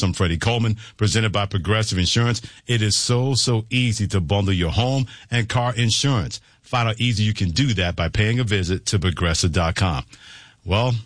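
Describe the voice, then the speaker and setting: A man hosting a sports talk radio show, reading segments and promos in a brisk way. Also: on the low side, dry recording, studio quality.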